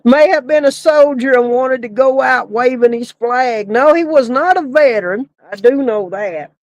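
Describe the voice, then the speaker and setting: A woman's voice: a little high, no echo, poor audio. A woman who works at a funeral home, telling a comic story in a casual way and laughing often as she talks.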